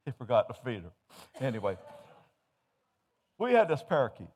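A man preaching a sermon, telling humorous stories and swinging from hushed to loud as he tells them. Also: mid-range voice, wildly swooping pitch, moderate pace, slight background noise.

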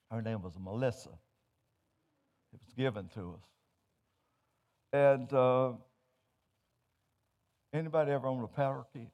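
A man preaching a sermon, telling humorous stories and swinging from hushed to loud as he tells them. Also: on the low side, lo-fi sound.

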